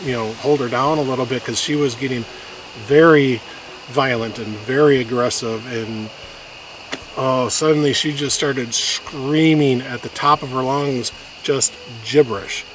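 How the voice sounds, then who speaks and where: A man telling an emotional personal story in a halting way, with many restarts, and getting choked up at times. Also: medium pitch, steady tone. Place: outdoors on a hiking trail. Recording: noisy outdoor recording.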